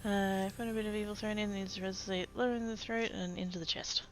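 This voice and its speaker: A woman's voice: medium pitch, steady tone, fast talker. A woman chatting casually to her livestream chat while sorting craft supplies, self-mocking and rambling. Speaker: craft streamer.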